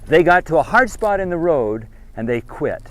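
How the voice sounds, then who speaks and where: A trip leader addressing kids outdoors sounds very animated, his voice on the high side and his speed normal, with slight background noise. He scolds them sternly and keeps firing off questions and commands.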